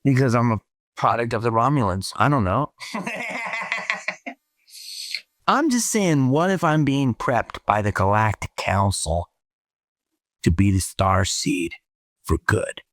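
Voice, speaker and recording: A man's voice: medium pitch, sing-song, unhurried, fairly bright tone, no echo, clean studio sound. A man rambling in a solo video clip, asking one question after another. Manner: rambling, asks questions over and over.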